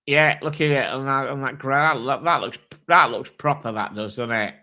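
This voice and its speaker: A man's voice: mid-range voice, normal speed, pushed and bright. A man hosting a casual livestream chat, thinking aloud, swearing casually and reading out product details. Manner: reads out watch specs and prices. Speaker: host.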